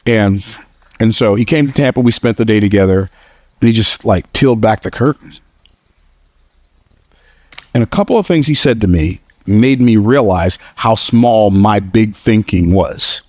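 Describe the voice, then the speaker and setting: Lively man giving a motivational speech. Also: a little slow, long pauses, dry recording, clean studio sound. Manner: storytelling, energetic, slips into a high squeaky voice for quotes; plain-spoken and joking, repeats phrases for emphasis. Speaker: motivational speaker. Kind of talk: motivational speech to a live audience.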